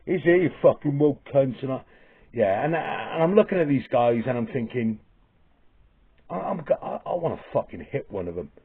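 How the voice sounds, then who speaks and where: A man's voice: mid-range voice, big pitch swings, moderate pace, slightly rough. A man ranting to camera in a vlog, swearing heavily and stumbling over restarts with repeated "okay?". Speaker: vlogger. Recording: tinny phone-like audio.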